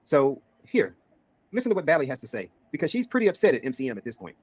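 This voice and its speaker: A man commenting on online drama, sarcastic and quick. He talks at a brisk clip in an ordinary mid-pitched voice. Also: wildly swooping pitch, a little mellow, slightly rough. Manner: sarcastic, explaining. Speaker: commentary streamer.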